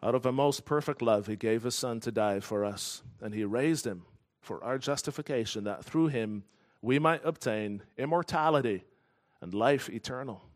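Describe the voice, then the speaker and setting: In a mid-range voice, a pastor delivers a sermon earnestly and with emphasis. He slows down to press home the key phrases.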